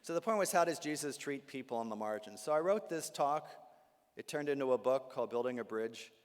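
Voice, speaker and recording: Priest giving an animated talk in a reverberant hall. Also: male voice, medium pitch, brisk. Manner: animated storytelling with humor and asides. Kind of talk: public talk to a live audience. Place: large hall with live audience.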